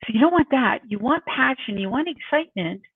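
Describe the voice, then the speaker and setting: Middle-aged woman doing casual work tips, kinda high pitched, raspy with lots of fry, tinny phone sound from far off. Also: expressive, fairly quick, slight background noise. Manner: chatty, self-mocking, acts out examples. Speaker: workplace coach. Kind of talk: casual tips talk to camera.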